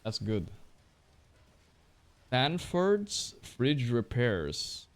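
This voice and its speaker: A male streamer chatting casually while he plays, excitable and trash-talking, swearing often. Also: medium pitch, extremely slow. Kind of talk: casual live-stream chat while playing.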